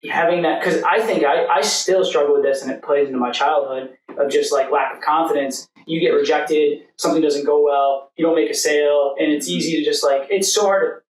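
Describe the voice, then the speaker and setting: A man's voice: fairly high pitch, fairly even intonation, fairly quick. A man, a fitness coach, telling stories in casual podcast talk and acting out what other people said. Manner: storytelling, acts out quotes. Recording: echoey room, distant mic.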